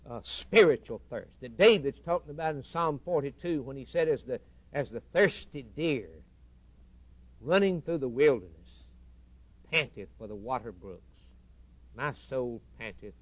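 Preacher, male, sermon delivery: surges loud on key lines, drops to near-hush, stacks repeated phrases. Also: mid-range voice, animated, normal speed, dry recording. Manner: swells loud for emphasis, then drops to a hushed tone; builds long repeating lists.

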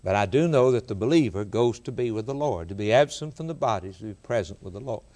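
A man preaching a sermon, rising in pitch to quote scripture and repeating key words for emphasis. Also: expressive, fast talker, darkish tone.

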